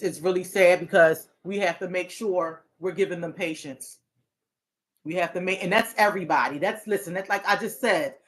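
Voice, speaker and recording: A woman's voice: lowish voice, fairly bright tone. A woman hosting a talk show as a therapist, speaking earnestly in a casual, heartfelt way. She often restarts her sentences and breaks into laughter.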